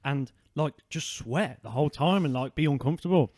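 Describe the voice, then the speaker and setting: A man's voice: a little high, a little fast, darkish tone, no room sound, studio quality. A man who is a guest on a casual podcast, easygoing and saying "man" often. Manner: easygoing, says man a lot. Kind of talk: casual chat.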